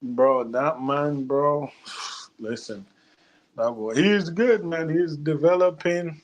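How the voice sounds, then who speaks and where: A young man co-hosting a sports talk show, talking in a relaxed, casual way and laughing often. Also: fairly high pitch, slow pace, highs cut off. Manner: laid-back, laughs often. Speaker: podcast co-host.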